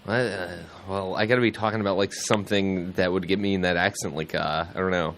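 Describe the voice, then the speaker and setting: Hesitant, low-voiced radio host. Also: male voice, fairly even intonation, brisk, fairly bright tone. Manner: hesitant, stammering restarts. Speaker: radio host and weather reader. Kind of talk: casual radio banter. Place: radio studio. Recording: noisy radio studio line.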